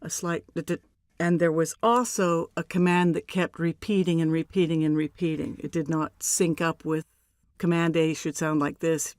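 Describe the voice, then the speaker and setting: An older woman, a voice actor, telling stories in an interview in a measured, deliberate way with emphatic pauses. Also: low voice, steady tone, darkish tone, no echo. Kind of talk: relaxed interview storytelling.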